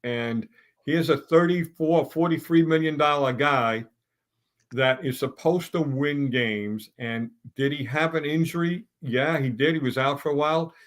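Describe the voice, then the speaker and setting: A man's voice: on the high side, measured pace. A middle-aged man on a sports talk round table, ranting bluntly and stumbling through restarts as he builds his points.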